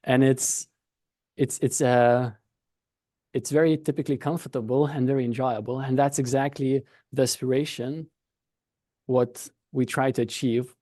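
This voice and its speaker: A man's voice: mid-range voice, little pitch movement, measured pace, mellow, no echo. A man with a Lithuanian accent, a podcast guest and company founder, explaining his work in a thoughtful, conversational way, often restarting his sentences.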